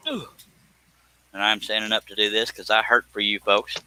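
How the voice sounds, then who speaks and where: A man's voice: on the low side, flat delivery, normal speed, sharp tone, slight background noise, low-quality recording. A man hosting a casual live stream, joking, laughing often and thanking viewers by name. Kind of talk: casual live stream chat while woodworking.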